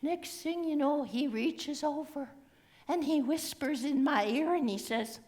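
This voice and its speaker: A woman's voice: sits high, measured pace, a little mellow. A woman playing a cheeky old Cree auntie. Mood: reminiscing. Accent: Cree-inflected English. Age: older. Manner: teasing, chatty, drops grammar endings. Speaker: stage storyteller. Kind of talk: live comedic character monologue.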